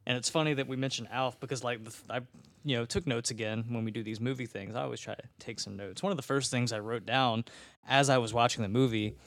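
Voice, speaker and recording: A man's voice: medium pitch, steady tone, fast, fairly bright tone. A man co-hosting a casual podcast, hesitant and full of fillers, amused by the talk. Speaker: podcast co-host. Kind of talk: casual chat.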